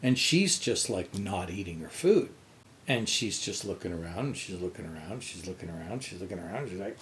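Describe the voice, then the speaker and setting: Guy on a podcast telling a story, voice swings way up and down when he quotes people, swears a lot. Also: moderate pace. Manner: animated storyteller, acts out quotes with big pitch jumps, swears freely. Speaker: podcast co-host. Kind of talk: casual storytelling chat.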